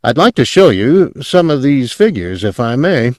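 A man voicing an eager, beaming young male insurance salesman who talks fast and pushes on. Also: medium pitch, big pitch swings, no room sound, clean studio sound, voice pushed up, lightly acted. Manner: bright, eager and pushy.

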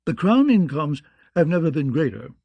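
Narrator doing a fussy knight, raised and higher-pitched, a bit blustery. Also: male voice, sing-song, normal speed, creaky, no echo, lo-fi sound, heavily acted. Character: fussy, slow-witted male knight.

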